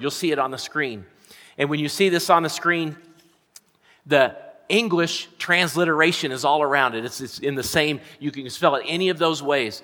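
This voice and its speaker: A man preaching a sermon to a congregation, with dramatic pauses, leading them in repeating a word aloud. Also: medium pitch, fairly bright tone. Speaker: pastor. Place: large church hall. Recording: long hall reverb.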